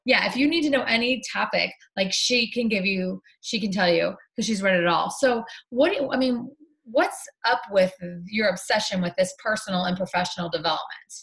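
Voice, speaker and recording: A woman's voice: medium pitch, moderate pace, fairly bright tone. A woman interviews a guest on a conference stage. She is effusive and full of praise, and her speech is sprinkled with "like.". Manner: gushing and effusive, lots of "like". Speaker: interview host.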